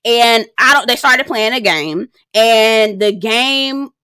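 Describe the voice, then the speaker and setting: A sassy young woman recaps a reality show in loose, profane commentary, often breaking into laughs. Her voice sits a bit high and sounds bright and forceful. The recording is dry and close. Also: takes it slowly, smooth, no echo. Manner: chatty, speaks straight to viewers.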